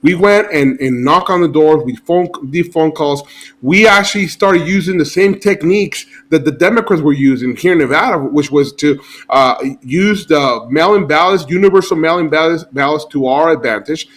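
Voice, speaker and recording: A man's voice: on the high side, moderate pace, fairly bright tone. A man who is a political analyst, speaking as a guest in an interview, persuasive and campaign-like.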